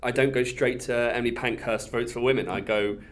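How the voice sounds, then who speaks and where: A man's voice: medium pitch, steady tone, brisk. Hesitant, thoughtful man discussing film. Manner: thoughtful, hesitant, many fillers and trailing phrases. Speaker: podcast co-host.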